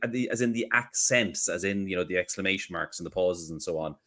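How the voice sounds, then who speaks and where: A man co-hosting a podcast in casual chat, animated and joking, who laughs often. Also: low voice, a little fast. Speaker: podcast co-host.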